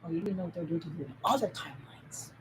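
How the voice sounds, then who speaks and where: A woman in a rambling solo monologue who jumps between topics, swears, and swings from loud outbursts to low mutters. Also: lively intonation, rapid-fire, background noise.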